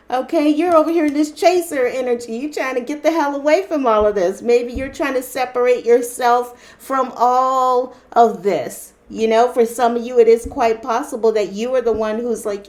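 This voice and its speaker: A woman's voice: on the high side, normal speed, a little mellow. A woman giving a casual tarot reading to viewers, talking directly to them and often exclaiming "wow" and "interesting". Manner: addresses viewers directly with fillers. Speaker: tarot reader.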